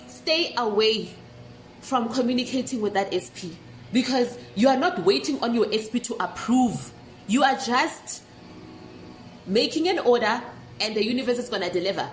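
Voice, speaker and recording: A woman's voice: animated, moderate pace. Passionate woman giving a motivational vlog. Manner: passionate, emphatic, feels like yelling. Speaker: manifestation vlogger and mentor. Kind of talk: unscripted motivational talk to camera. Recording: echoey room with faint rumble.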